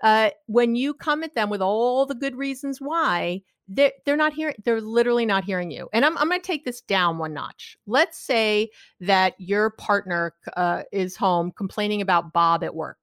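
A middle-aged woman giving advice in a lively conversational way, acting out what people say with big swings in her voice. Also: mid-range voice, moderate pace, hardly any pauses, no echo, clean studio sound. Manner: expressive, acts out quoted voices with big swings. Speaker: guest expert.

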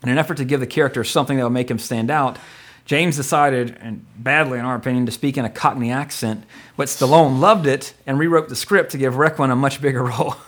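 A quick-talking man chats about films on a podcast. He rambles through trivia, cracks jokes and gets carried away with excitement, his pitch sitting in an ordinary middle range. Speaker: podcast co-host. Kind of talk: casual movie podcast chat.

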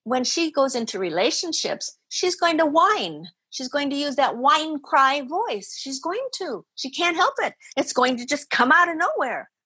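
A woman's voice: high-pitched, big pitch swings, measured pace, hardly any pauses, bright, forceful tone, no room sound. A woman spiritual teacher speaking as a podcast guest, earnest and emphatic, often repeating her phrases for stress. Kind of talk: podcast interview.

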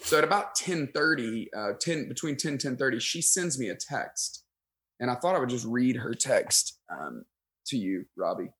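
A man, a pastor guest on a podcast, telling a story in casual conversation, self-deprecating and animated, acting out his own thoughts. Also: mid-range voice, moderate pace. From United States.

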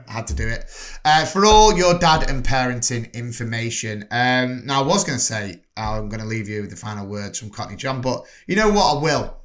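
A man's voice: medium pitch, expressive, moderate pace, fairly bright tone. A man hosting a movie podcast, wrapping up the episode in an enthusiastic, chatty, jokey way. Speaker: podcast host. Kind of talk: casual podcast sign-off.

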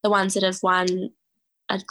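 A woman's voice: medium pitch, completely flat delivery, unhurried, bright, forceful tone. A woman from Australia answering an interview question casually, thoughtful and a little hesitant. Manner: thoughtful, admiring, a bit hesitant. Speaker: interview guest.

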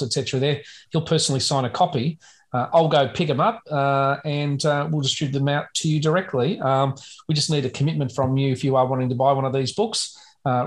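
A man co-hosting a podcast in casual chat. He talks at an unhurried pace, pausing often and filling the gaps with "uh". His delivery is loose and conversational. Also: medium pitch. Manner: slow, halting, many "uh" fillers. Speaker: podcast co-host.

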